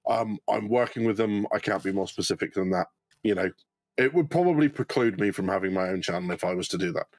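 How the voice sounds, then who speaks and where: A man's voice: on the low side, fast talker, no echo. A man with an English accent co-hosting a casual livestream Q&A, rambling with lots of ums and casual swearing. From United Kingdom. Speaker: co-host.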